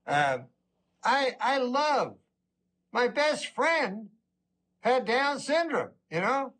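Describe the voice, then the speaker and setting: Middle-aged male stand-up comic, rambling and deadpan, fairly high and bright-toned. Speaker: stand-up comedian. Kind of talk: stand-up comedy routine.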